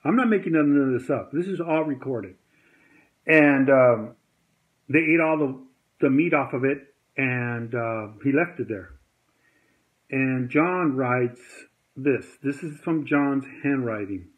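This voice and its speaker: A man's voice: medium pitch, takes it slowly. A man telling a heated story to camera in a rambling, agitated way, acting out the dialogue he quotes. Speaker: vlogger. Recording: tinny phone-like sound.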